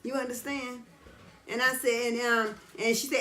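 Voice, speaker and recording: A middle-aged woman telling a story in an animated, casual way while getting her hair done, often checking whether the listener understands. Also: a little high, a little fast, reverberant. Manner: animated retelling, keeps asking "you understand?". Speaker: vlogger. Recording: busy background chatter.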